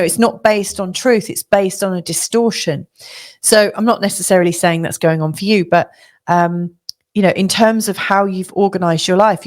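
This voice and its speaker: A middle-aged woman astrologer giving a monthly forecast in a reflective, coaching way, with many fillers and restarts. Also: fairly low pitch.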